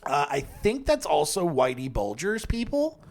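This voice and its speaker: A man's voice: on the high side, huge pitch swings, a little slow, creaky. A man hosting a true-crime podcast, telling the story in a casual, sarcastic, rambling way with jokey asides. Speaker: podcast host.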